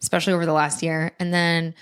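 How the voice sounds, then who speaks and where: Young woman comic guest, lower-pitched, lively storyteller who laughs a lot. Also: smooth. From United States. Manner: animated storyteller, laughs often, quick asides. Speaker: comedian and content creator guest. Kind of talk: casual podcast chat.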